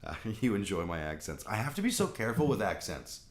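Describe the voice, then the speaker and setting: A man's voice: on the low side, big pitch swings, fast talker, hardly any pauses, roomy sound. A man from Canada talking candidly in a rambling, casual monologue, swearing freely. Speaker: vlog host.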